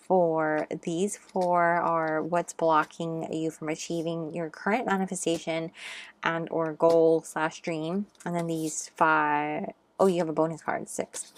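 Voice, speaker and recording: Soft-spoken woman reading tarot, low-pitched. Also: a little hiss or hum. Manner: gentle, affirming, with frequent ums. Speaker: tarot reader. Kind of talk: pick-a-card tarot reading.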